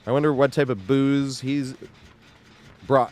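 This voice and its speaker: A man's voice: medium pitch, fairly even intonation, a little slow, darkish tone. A man streaming live gameplay, talking casually and swearing, humming and muttering to himself as he plays at home. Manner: casual, swearing, hums and mutters while playing.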